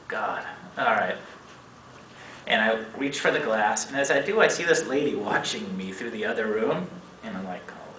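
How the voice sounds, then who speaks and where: Animated man in his forties telling a story. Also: a little hiss or hum. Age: 40s. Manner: animated, acts out quoted voices with big pitch jumps. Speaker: speaker at a meeting. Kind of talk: storytelling talk to an audience. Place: meeting room with an audience. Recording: echoey room, speaker far from mic.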